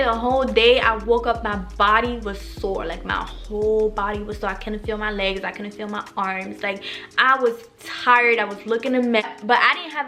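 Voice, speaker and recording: Slangy animated young woman telling a story. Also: medium pitch. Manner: animated, slangy, swears freely, talks to viewers as "y'all". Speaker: vlogger. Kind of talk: casual storytime. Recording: faint background music.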